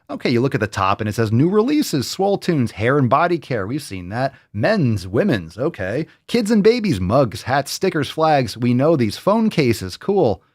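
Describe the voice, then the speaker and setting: A man's voice: mid-range voice, very animated, moderate pace, hardly any pauses, darkish tone, no echo. Brief: male fitness podcast host, blunt and profane, hypes things up with mock sales talk, dry close sound. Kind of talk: casual podcast monologue.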